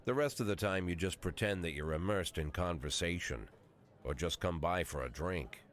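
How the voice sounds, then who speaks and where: A man's voice: low-pitched, normal speed, a bit bright. A man voicing a cynical, weary police chief in his sixties, narrating a video game in a dry, sardonic monologue. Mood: wry. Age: 60s.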